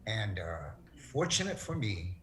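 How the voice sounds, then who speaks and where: A middle-aged man speaking as an interview guest, telling a personal story in an earnest, halting way, his voice breaking with emotion. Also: lowish voice, sing-song, fairly bright tone, a little hiss or hum.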